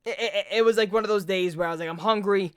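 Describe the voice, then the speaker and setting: A young man with a New York accent hosting a casual podcast, talking in animated bursts with swearing and quick restarts. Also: high-pitched, smooth, no echo, clean studio sound. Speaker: podcast host. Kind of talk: casual chat.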